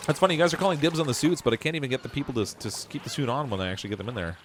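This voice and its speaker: A Canadian man talks casually through a livestream, mid-pitched for a man and thinking aloud as he builds. He pokes fun at his own messy setups. Faint background noise sits under his voice. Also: animated, very fast. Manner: self-mocking, thinks aloud while building. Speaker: game streamer.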